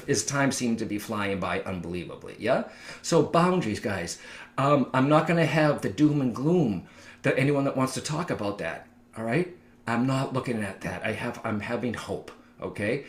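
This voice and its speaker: Man, casual advice talk, chatty, checks in with viewers, roomy echo. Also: mid-range voice. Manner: chatty, repeats "all right?" to viewers. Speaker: psychic medium giving advice. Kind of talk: casual direct-to-camera talk.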